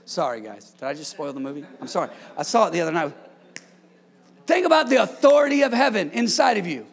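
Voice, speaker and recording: Male preacher, fired-up sermon delivery, high voice with a gravelly edge, jokes with the room. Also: fast talker. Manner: excitable, shouts commands, jokes with congregation. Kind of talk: energetic sermon.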